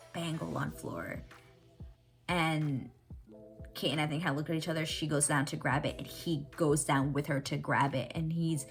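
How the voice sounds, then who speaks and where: A woman recapping a TV episode in casual reaction chat, animated and excitable, swearing freely. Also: sits low. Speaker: TV reaction vlogger.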